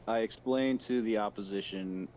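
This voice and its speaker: A young man taking part in a tabletop role-playing game, hesitant and stammering as he describes his moves. His voice sits low, with a faint hiss of noise behind it. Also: normal speed, darkish tone, highs cut off. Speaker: player.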